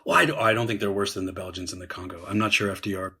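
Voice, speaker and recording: A man speaking as a guest historian on a podcast, explaining at length in a measured way with frequent "um"s and "right?"s. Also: low-pitched, fairly even intonation, pushed and bright, slightly rough.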